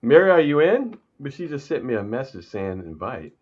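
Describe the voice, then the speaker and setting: A middle-aged man co-hosting a radio talk show in casual chat, exclamatory and quick to laugh. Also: mid-range voice, very animated. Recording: muffled lo-fi sound.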